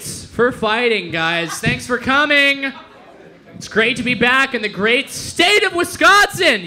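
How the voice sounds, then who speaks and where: A young male comic works a club stage on a handheld mic, his voice pitched high and bright with a forceful edge. He rambles loosely between bits and keeps bursting into loud, silly impressions. Laughter from the room sits behind him. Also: animated, normal speed. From Denver, Colorado. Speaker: stand-up comedian hosting. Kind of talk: stand-up comedy set.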